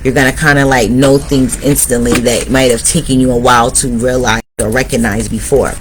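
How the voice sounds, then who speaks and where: Male tarot reader, mid-pitch, motivational direct address, faint room noise. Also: level tone, fairly quick. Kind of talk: spiritual tarot reading to viewers.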